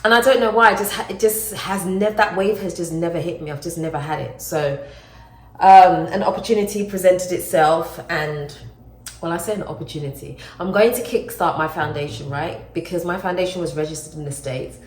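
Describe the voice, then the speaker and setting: A woman chatting casually to camera in a vlog, animated and self-mocking as she shares her news. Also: on the low side, a little fast, echoey room. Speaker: vlogger.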